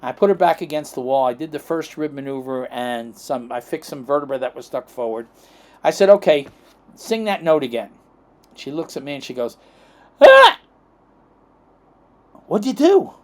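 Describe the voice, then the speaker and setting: Speaking fairly quickly in a medium-pitched, slightly mellow voice, a middle-aged American man spins long, meandering stories as a guest on a podcast. He's a chiropractor who performs the quoted lines and keeps asking "okay?" and "right?"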